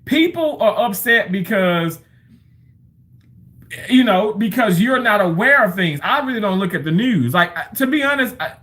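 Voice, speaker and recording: A man's voice: high-pitched, expressive, moderate pace, bright, forceful tone. A man in his thirties or forties, rambling through a casual livestream monologue with chatty storytelling and loose swearing.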